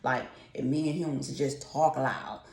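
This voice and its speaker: A woman rants in a casual home vlog, exasperated and profane, rambling from one gripe to the next. Her voice sits low with a gravelly fry. The room around her is noticeably echoey. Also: steady tone, normal speed, darkish tone. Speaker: vlogger. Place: apartment at home.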